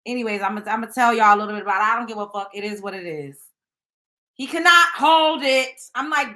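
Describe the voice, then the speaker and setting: A woman's voice: on the high side, a little fast, bright, forceful tone. A woman hosting a casual gossip show, talking bluntly and with plenty of profanity straight to her listeners. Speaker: show host.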